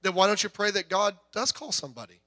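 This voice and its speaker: A middle-aged man, a pastor, preaching a conversational, joking sermon with lively delivery. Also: sits high, fast talker.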